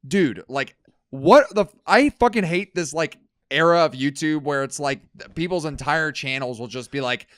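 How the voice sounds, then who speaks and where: A young man co-hosting a podcast, ranting in casual chat with lots of swearing and sudden loud, high bursts. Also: moderate pace, no echo, clean studio sound. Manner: ranting, heavy swearing, swings loud and high when worked up. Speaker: podcast co-host.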